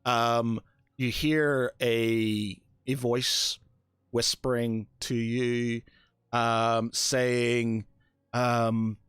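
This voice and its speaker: A man narrating as game master, halting and restarting often as he describes a scene. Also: medium pitch, flat delivery, fairly bright tone, clean tone, no room sound, clean studio sound. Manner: halting, full of fillers and restarts.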